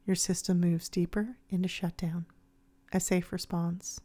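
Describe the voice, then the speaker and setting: A woman hosting her podcast, narrating in a calm, gentle, measured way. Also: lowish voice. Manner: gentle, soothing, measured delivery. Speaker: podcast host.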